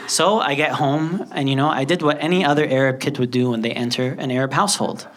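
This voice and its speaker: A young man from Lebanon doing a stand-up comedy set, telling stories with animated delivery and acting out characters. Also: medium pitch, fast, hardly any pauses, noisy background. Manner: animated storytelling, acts out characters. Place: live comedy stage.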